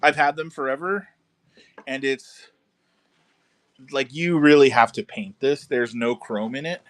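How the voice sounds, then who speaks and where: A man hosting a casual live stream from a car shop garage, selling model kits and chatting with viewers, relaxed and chatty, swearing now and then. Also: medium pitch, measured pace. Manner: laid-back, chatty, swears casually, calls viewers dude and bro.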